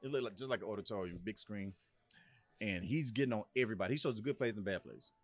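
A man's voice: lowish voice, fast, no echo. A middle-aged man, a former football player and coach, telling stories in a casual podcast chat and acting out others' voices. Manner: animated storyteller, acts out voices of others.

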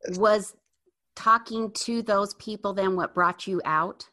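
Woman interviewer, slow pace, bright voice. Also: mid-range voice, steady tone. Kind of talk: interview questions.

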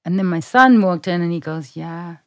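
A woman guest in a casual interview, speaking softly and laughing often as she retells moments. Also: on the low side, fairly quick, no room sound. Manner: soft-spoken, laughs often, animated retellings.

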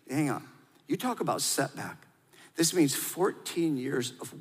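Male pastor, higher voice, lively conversational sermon, long church-hall reverb. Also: a little slow, husky. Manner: lively, conversational, with audience call-and-response.

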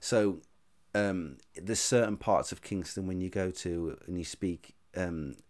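A man from England, hosting a casual podcast chat in a relaxed, hesitant way with frequent "um"s. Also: low voice, a little slow. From England, Jamaican heritage.

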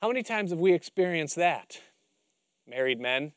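A man's voice: a little high, moderate pace, clear, resonant tone, dry recording, studio quality. A male pastor preaching a sermon, telling Bible stories with animation and acting out the scenes. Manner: animated storytelling, acts out scenes.

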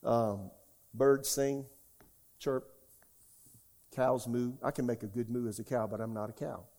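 Older male preacher, dark mellow tone, emphatic sermon delivery with call-outs to the congregation. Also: mid-range voice, steady tone, measured pace. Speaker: pastor.

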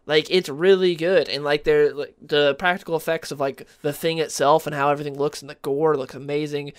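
A man's voice: fairly high pitch, little pitch movement, brisk, clean tone. A man hosting a podcast in casual chat, rambling with many fillers and restarts. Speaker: podcast host.

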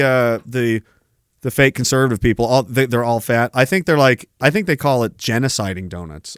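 A man's voice: mid-range voice, a bit bright, no echo, studio quality. A man, hosting a podcast in a profane, sarcastic ranting monologue. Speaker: podcast host.

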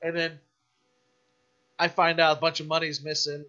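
A man guesting on a podcast, telling a story in a casual, animated, profane rant. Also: fairly high pitch, normal speed, highs cut off.

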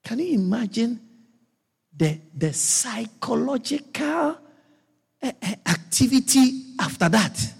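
A man preaching a sermon, telling the story with animated swings up to shouts. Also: very high-pitched, slow, creaky, slightly rough. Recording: long echo of a large hall.

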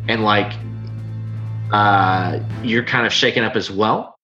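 Bright-toned game master, halting delivery. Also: male voice, on the low side. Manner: halting, filler-heavy explaining. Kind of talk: running a tabletop game. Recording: dull podcast audio with faint music.

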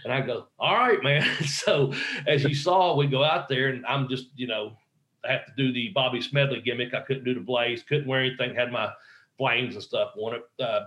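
A man of middling pitch tells a long backstage anecdote from his wrestling days. He talks casually and rambles, with plenty of fillers and restarts. He acts out the voices of the people he quotes. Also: steady tone, moderate pace, a bit bright. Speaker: professional wrestler guest.

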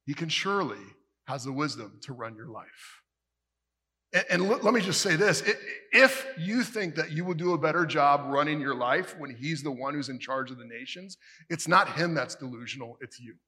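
A male pastor preaching a sermon emphatically, building to forceful peaks and dropping to hushed line endings. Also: a little high, lively intonation, moderate pace, husky. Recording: long reverb of a large hall.

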